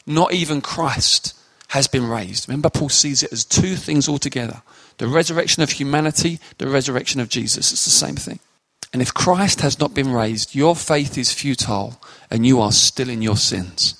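Male preacher, high bright voice, emphatic sermon delivery, talks straight to the congregation. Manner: emphatic, expository, addresses congregation directly.

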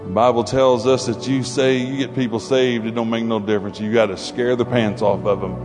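A man preaching in a sermon, animated and conversational, slipping into playful asides. His voice sits in a middle register and rings out in a long hall reverb. Faint music plays softly underneath. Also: medium pitch, a little fast. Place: church hall before a congregation.

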